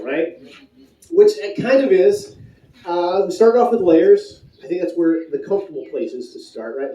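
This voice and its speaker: In a conference hall, a Michigan man with a slightly high, mellow voice gives a pun-filled, playful live talk, bantering with the audience. The recording has its highs cut off and picks him up from a distance in the echoey room.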